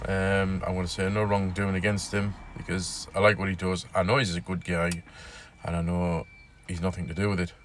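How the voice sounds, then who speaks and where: A man's voice: low-pitched, little pitch movement, normal speed, few pauses, fairly bright tone, a little hiss or hum. A man hosting his own casual news vlog, rambling and repeating himself with fillers as he talks. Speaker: vlogger.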